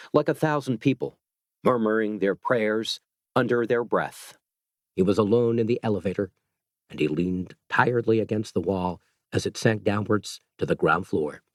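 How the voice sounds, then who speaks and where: A man narrating an audiobook in a measured, steady reading. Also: fairly low pitch, no room sound, studio quality.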